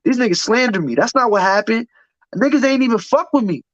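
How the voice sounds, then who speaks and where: A man's voice: very high voice, lively intonation, a little fast, fairly bright tone, no echo. A man telling his story in casual chat, blunt, profane and heated. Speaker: podcast guest. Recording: dull, dry lo-fi sound.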